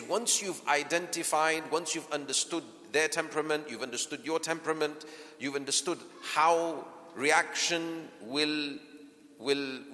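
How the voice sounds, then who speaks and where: A man giving a parenting workshop in a mosque hall, often asking his audience rhetorical questions. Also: a little high. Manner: softens into gentle acted lines to a child. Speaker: workshop speaker. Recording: long hall reverb.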